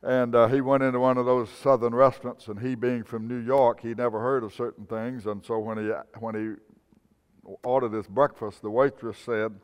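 Man, preacher, sermon, emphatic rises and low slow drops, smooth resonant voice, long hall echo. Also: level tone.

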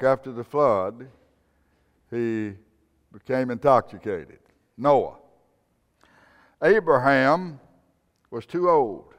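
Man, preacher, sermon, emphatic rises and low slow drops, smooth resonant voice, long hall echo.

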